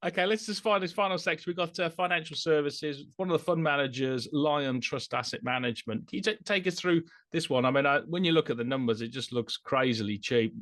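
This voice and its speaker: A man interviewing a fund manager, conversational, with quick agreeing interjections. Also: medium pitch, fairly bright tone, no room sound, studio quality. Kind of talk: investment interview.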